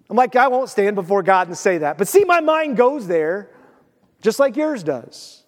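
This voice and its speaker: A man with a fairly high voice delivers a sermon as pastor. He tells stories with animation, slipping into the voices of the people he quotes. The sound carries a long reverb, as in a large church hall. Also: sing-song, moderate pace.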